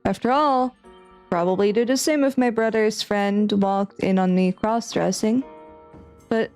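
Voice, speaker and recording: A woman's voice: medium pitch, measured pace, a little mellow, smooth, faint music behind. A woman streaming a visual novel, reading lines aloud and rambling through her theories with giggly, unsure asides. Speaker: game streamer. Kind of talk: playthrough commentary and reading aloud.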